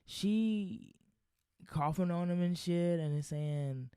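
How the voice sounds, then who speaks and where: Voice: medium pitch, takes it slowly, warm tone, clean tone, dry recording, studio quality. A podcast host giving solo commentary in a heated, profane, rambling rant. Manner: loose, rambling with restarts.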